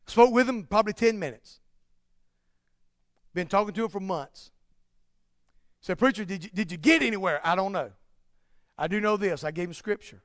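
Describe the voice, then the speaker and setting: A man preaching a sermon, building to loud, emphatic peaks and dropping to quiet, slow asides. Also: sits high, dry recording, clean studio sound.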